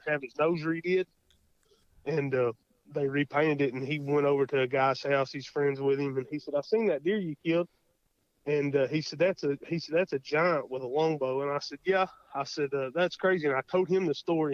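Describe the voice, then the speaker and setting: A man's voice: a little high, dry recording. Folksy Oklahoma man telling a hunting story. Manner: folksy, animated, lots of quoted self-talk. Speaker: guest hunter. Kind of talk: storytelling in a casual interview. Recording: muffled dry podcast audio.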